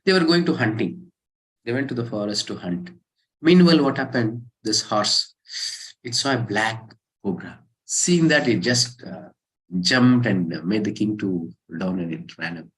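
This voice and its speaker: Guy teaching a gita class, low voice, tells a story w lots of questions. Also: a little slow, low-quality recording. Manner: animated storytelling, rhetorical questions. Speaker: spiritual teacher.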